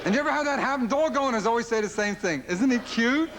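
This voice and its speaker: A man works through a stand-up routine in a high, quick voice, hopping from one observation to the next and mimicking fans. It is an old television broadcast, with a studio audience laughing loudly under him. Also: lively intonation, over a noisy crowd, very noisy. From Philadelphia. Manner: rapid-fire observational jokes, mimics fans and dog owners in high voices. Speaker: stand-up comedian. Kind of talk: stand-up routine on a late-night talk show.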